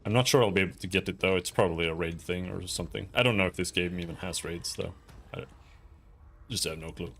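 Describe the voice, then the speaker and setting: A man's voice: low-pitched, fast, vocal fry, a bit bright, slight background noise. A man streaming a video game, giving casual commentary in a sarcastic, rambling way and often repeating words. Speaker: gaming streamer.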